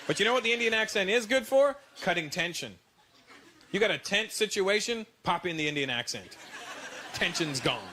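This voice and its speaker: Animated male stand-up comedian. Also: sits high, moderate pace. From Canada. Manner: animated, mimics accents for laughs. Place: large theater stage with audience laughter. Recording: loud background noise.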